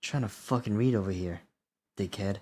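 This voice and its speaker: A man's voice: fairly low pitch, moderate pace, a little mellow, husky. A man playing a video game, casually commenting and reading the game's text aloud, swearing often in a dry, sardonic way. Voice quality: profane, sardonic. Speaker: gameplay streamer.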